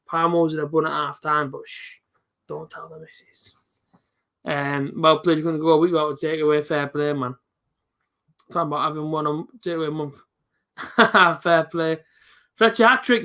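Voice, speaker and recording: A young man hosting a live football reaction stream, chatting casually with viewers and breaking into excited shouts at big moments. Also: on the high side. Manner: chatty, jumps to excited shouting at goals, reads out viewer comments.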